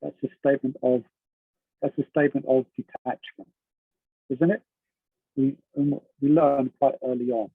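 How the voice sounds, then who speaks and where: A man's voice: medium pitch, fairly even intonation, unhurried, long pauses, husky, dry recording. A man teaching a class on a devotional text in a conversational way, asking his students questions and laughing often. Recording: dry, narrow phone-like sound.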